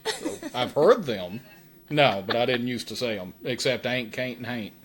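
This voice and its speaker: A man's voice: medium pitch, animated, normal speed, noisy background. A man guest on a podcast, chatting casually with dry joking asides. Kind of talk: casual chat.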